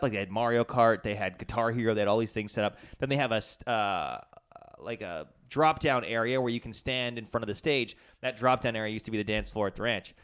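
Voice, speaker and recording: A man's voice: mid-range voice, fairly bright tone, smooth. A man co-hosting a podcast, telling rambling stories, swearing freely and acting out the people he quotes. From Canada. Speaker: podcast co-host. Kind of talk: casual chat, storytelling.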